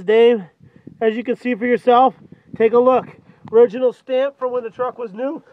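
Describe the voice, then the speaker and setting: A man's voice: extremely high pitch, phone-quality sound, a little hiss or hum. A man selling trucks with a joking, hyped sales patter, recorded outdoors in the cold on a handheld camera mic. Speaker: truck dealer.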